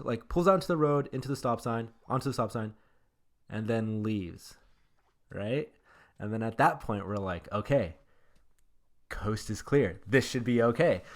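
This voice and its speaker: A man telling a funny personal story in a casual, rambling way, full of fillers, over game footage. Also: medium pitch. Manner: rambling, filler-heavy, animated. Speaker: gaming YouTuber.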